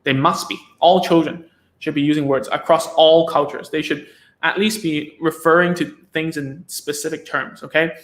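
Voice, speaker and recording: A man's voice: on the high side, steady tone, normal speed, a bit bright. Chatty man giving live-stream parenting advice. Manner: chatty, loose, many restarts and tag questions like "right?" and "okay?". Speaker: speech therapist hosting a live stream.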